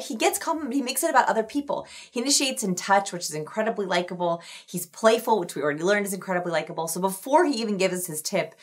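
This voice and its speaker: A woman's voice: mid-range voice, breathy edge. A woman hosting a video on likability, explaining clips and coaching the viewer in an upbeat, instructive way. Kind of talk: scripted explainer to camera.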